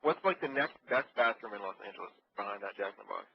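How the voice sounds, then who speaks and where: A man's voice: fairly low pitch, lively intonation, fast talker, husky. A man hosting a radio show, casually egging a caller on and laughing along. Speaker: radio host. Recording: dull radio broadcast audio.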